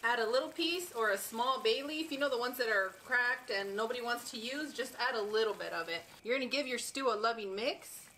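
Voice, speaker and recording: A woman with a Texan accent hosting a home cooking tutorial in her kitchen, explaining each step in a chatty, easygoing way with soft laughs. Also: on the high side, fairly quick, few pauses, slight background noise. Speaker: cooking channel host and mother.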